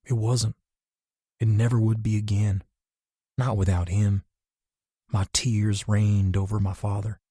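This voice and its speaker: A man reading first-person scripted narration in a measured, emotional way. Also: fairly low pitch, level tone, warm tone, breathy edge, no room sound, clean studio sound. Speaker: audiobook narrator.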